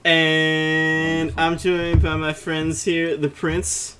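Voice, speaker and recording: A man's voice: on the high side, completely flat delivery, very slow, a bit bright, soft background music. Goofy young man hosting a let's play. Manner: goofy, laughing often, rambling restarts. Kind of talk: casual gaming chat, reading game text aloud.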